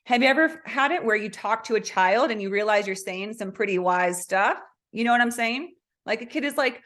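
Woman host, chatty spiritual coach voice, animated and conversational. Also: on the high side, a little fast. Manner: chatty, animated, asks listeners questions. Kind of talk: casual spiritual coaching talk.

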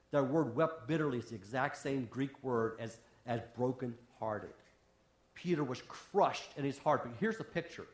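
A man's voice: mid-range voice, moderate pace. Impassioned male preacher in an echoey room. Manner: impassioned preaching with sudden drops to a hush. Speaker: pastor. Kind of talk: sermon. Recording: roomy echo.

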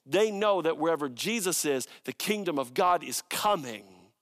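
High-voiced emphatic male preacher. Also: expressive, moderate pace, hardly any pauses, fairly bright tone. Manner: emphatic, piles up long lists, asks "right?". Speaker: pastor. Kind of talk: sermon.

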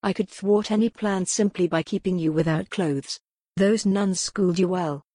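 A woman reading an audiobook voices a cool, mocking man who leads a sinister order, with a smooth, sardonic manner. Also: lowish voice, moderate pace, warm tone, no room sound, clean studio sound, close to an everyday voice.

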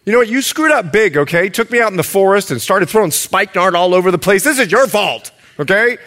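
A man's voice: high-pitched, lively intonation, fast talker, fairly bright tone. A man doing an exasperated blaming husband. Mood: accusing.

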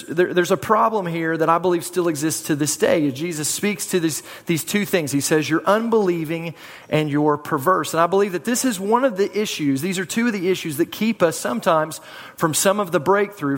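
Guy preaching, kinda high voice, chatty and repeats himself, long church echo. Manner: conversational, repeats words, asks congregation to respond. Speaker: pastor. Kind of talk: sermon. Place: church sanctuary. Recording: hall reverb.

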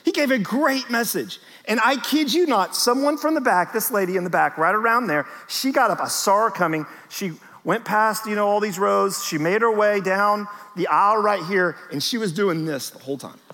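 A man's voice: high-pitched, moderate pace, hardly any pauses. A man preaching a sermon to church leaders as their pastor, telling stories with energy and speaking straight to the crowd in a large church auditorium. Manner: animated storytelling, talks straight to the crowd. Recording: long reverb of a large church hall.

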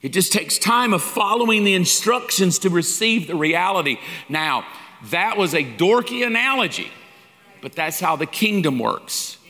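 A man's voice: high-pitched, animated, moderate pace, sharp tone. A man preaching a sermon-style lesson in a folksy, humorous way, acting out little dialogues. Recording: long hall reverb.

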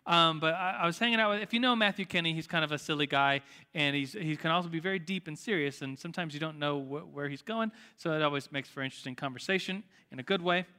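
A man with a bright, fairly high voice leads a church class in relaxed, rambling talk, often restarting his sentences. His voice rings out with a long hall reverb. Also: quick pace, hardly any pauses, smooth. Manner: chatty, with frequent "like" fillers and restarts. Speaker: Sunday school teacher. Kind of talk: informal church class teaching, closing in prayer.

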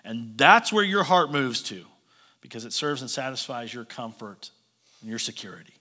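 A man preaching a sermon, retelling a Bible story with sarcasm and acted-out voices, swinging between loud and hushed. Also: medium pitch, lively intonation, normal speed. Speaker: pastor.

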